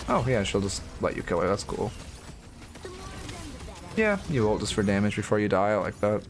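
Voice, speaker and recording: Frank low-voiced man coaching a gamer. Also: sing-song. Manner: frank, swears casually, talks in quick restarts. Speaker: game coach. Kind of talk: casual live-stream coaching commentary.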